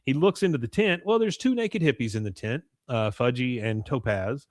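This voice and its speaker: A podcast host recaps an episode in casual chat, going scene by scene, quoting the characters and laughing along. His middle-pitched voice is animated and moderately paced, recorded dry and close with no echo or room sound.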